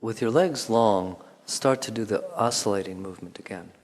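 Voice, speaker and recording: A man calmly guiding a movement lesson, giving instructions with pauses and counted beats. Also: lowish voice. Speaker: movement teacher. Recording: long hall reverb.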